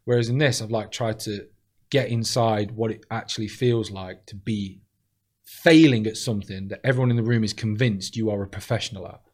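A man who is a comedian, chatting on a podcast, telling animated stories, acting out voices and swearing freely. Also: on the low side, a little fast. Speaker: comedian guest. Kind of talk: casual podcast chat.

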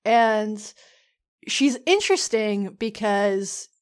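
A woman co-hosts a podcast in a loose, rambling chat. Her voice sits at an ordinary middle pitch, and she drops in casual swearing as she talks. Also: lively intonation, extremely slow, clean tone. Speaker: podcast co-host.

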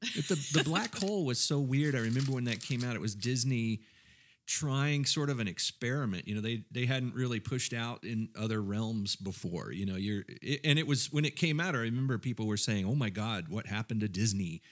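A man's voice: medium pitch, fairly quick. A man on a casual panel talk about horror films, rambling with many fillers and restarts, who grew up in the American South. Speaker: podcast panelist. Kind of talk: casual chat.

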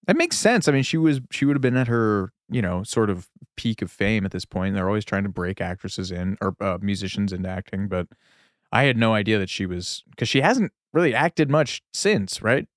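Low-voiced man with dry wit. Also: expressive, normal speed, dry recording. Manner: dry, wry quips. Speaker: podcast co-host. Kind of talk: casual film chat.

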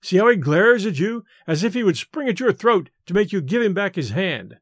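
A man's voice: sits high, big pitch swings, moderate pace, no echo, clean studio sound. A man reading a storybook, voicing a coarse gravedigger who mocks the mourners. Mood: mocking. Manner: jeering. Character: coarse laughing male gravedigger, mocking.

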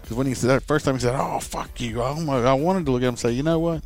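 Talking fast in a mid-range voice, a middle-aged man who was once a police officer relays a profane story during casual podcast chat. He's animated and acts out both sides of the argument himself.

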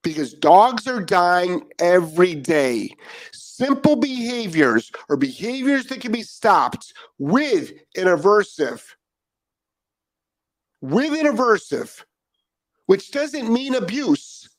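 A middle-aged man hosting a live dog training show, ranting with profanity and repetition, then chatting more calmly with viewers. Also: sits high, slow. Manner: calmer chatty greeting of commenters. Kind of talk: ranting live stream monologue.

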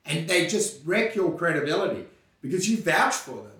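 A man riffs on a comedy podcast, animated and profane, often slipping into mocking impressions. His voice is high and bright. He sits back from the mic in a very echoey room. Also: normal speed, recorded from a distance. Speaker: podcast co-host. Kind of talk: casual comedic chat. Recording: roomy, off-mic.

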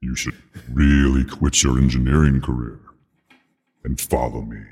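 A man voicing a calm, commanding male God in a deep, gravelly voice, making slow, solemn pronouncements as a comedic bit. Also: exaggerated voice. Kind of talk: comedic impression in a podcast chat.

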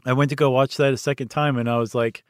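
A man's voice: medium pitch, fairly even intonation, quick pace, no echo, clean studio sound. A man co-hosting a podcast, giving candid, self-deprecating opinions in casual movie chat. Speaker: podcast co-host.

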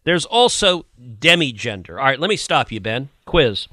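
A man's voice: medium pitch, sing-song, moderate pace, pushed and bright, dry recording. A man hosting a political podcast, indignant and sarcastic as he reads quotes aloud and mocks them. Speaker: podcast host. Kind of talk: opinionated political commentary.

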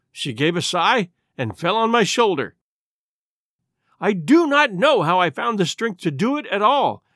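Male audiobook narrator, high lively voice, dramatic reading, dry close sound. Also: no room sound. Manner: dramatic, expressive storytelling.

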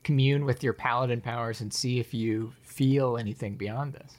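A man's voice: medium pitch, fairly even intonation, moderate pace. A man narrating a fantasy scene as game master, in loose, rambling speech full of fillers.

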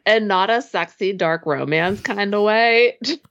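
A young woman co-hosting a casual movie podcast, giggly and animated as she retells scenes. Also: medium pitch, measured pace, highs cut off. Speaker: podcast co-host.

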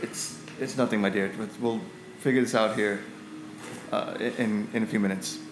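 A man's voice: on the low side, steady tone, moderate pace, background noise, close to an everyday voice. A man voicing a stern, impatient older male guard in a tabletop game. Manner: gruff, curt. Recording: echoey room, faint music.

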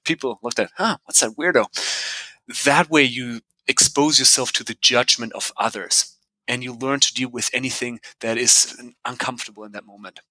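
A man speaking as a podcast guest, an animated storyteller who acts out dialogue and laughs often. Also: mid-range voice, normal speed, dry recording, low-quality recording. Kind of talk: conversational interview.

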